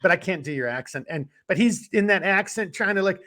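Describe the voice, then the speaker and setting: A man co-hosting a podcast in casual political chat, animated and emphatic, his voice jumping up when he gets excited. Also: high-pitched, fairly quick. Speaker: podcast co-host.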